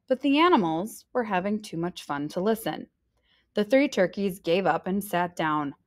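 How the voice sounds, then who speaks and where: A woman reads a children's picture book aloud to young listeners. Her pitch swings widely and brightly as she leans into each line. She slips into little voices for the animals as she goes. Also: moderate pace. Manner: lively, expressive reading with voices. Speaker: teacher reading aloud. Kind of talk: storybook read-aloud.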